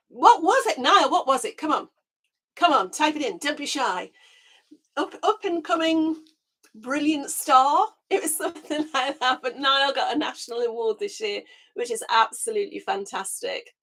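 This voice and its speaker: A woman's voice: on the high side, a bit bright. Chatty woman on a webcam mic. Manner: chatty, laughs often, greets viewers by name. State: voice recovering, a little squeaky. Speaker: gardening channel host. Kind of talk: casual live-stream chat with viewers. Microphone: webcam microphone.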